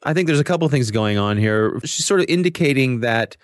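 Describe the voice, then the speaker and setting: A man's voice: medium pitch, lively intonation, fairly quick, no room sound. Thoughtful male podcast host, dry sound. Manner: thoughtful, explanatory, with small restarts. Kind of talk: casual chat.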